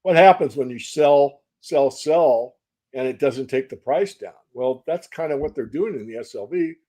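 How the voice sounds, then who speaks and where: An older man answering interview questions as a market analyst, measured and folksy, repeating phrases for emphasis. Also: medium pitch, lively intonation, mellow. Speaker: silver market analyst guest.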